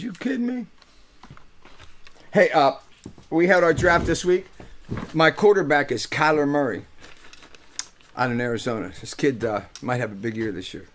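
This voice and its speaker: With a fairly high, fairly bright voice and lively intonation, an older host and musician from Pittsburgh, USA, chats loosely with his webcast viewers in a comic monologue. He teases them, swears freely and fills pauses with plenty of uhs, all on live webcast audio.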